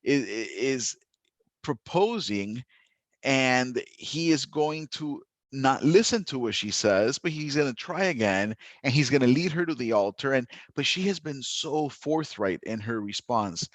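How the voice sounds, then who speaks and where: A man teaching a literature lesson, talking in a lively, chatty way with frequent laughter and restarts. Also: mid-range voice, measured pace, no echo. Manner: animated, chatty, laughs often, many restarts. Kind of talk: recorded classroom lesson.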